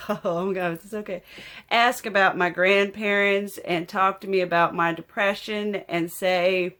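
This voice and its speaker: A woman's voice: medium pitch, fairly even intonation, measured pace, fairly bright tone. A young adult woman chatting casually to her viewers while doing her makeup, rambling and heartfelt and often emotional. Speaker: beauty vlogger. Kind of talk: casual get-ready-with-me chat.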